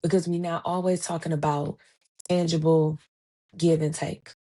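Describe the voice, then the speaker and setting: A woman's voice: low-pitched, normal speed. A woman in her thirties hosting a solo podcast, talking casually and telling stories by acting out the voices of the people in them. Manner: animated storytelling, acts out quoted dialogue; conversational, colloquial phrasing. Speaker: podcast host.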